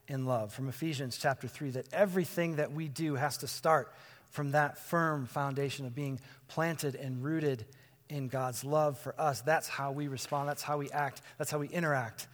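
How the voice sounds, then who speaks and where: A man's voice: medium pitch, a bit bright, long reverb tail. A man in his forties giving a conversational sermon as pastor, chatty and informal, asking the congregation questions. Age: 40s. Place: church sanctuary with congregation.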